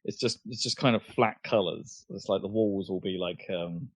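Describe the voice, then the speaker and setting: Deep and slightly breathy, this man's voice moves at normal speed as he co-hosts a podcast in casual chat. He hesitates, using many fillers and restarting often. The sound is dry and dull, like lo-fi podcast audio.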